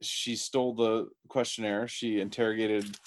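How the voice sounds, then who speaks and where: A man's voice: lowish voice, level tone, moderate pace. A man hosting a casual TV recap podcast, enthusiastic and rambling, often restarting his sentences. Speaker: podcast host.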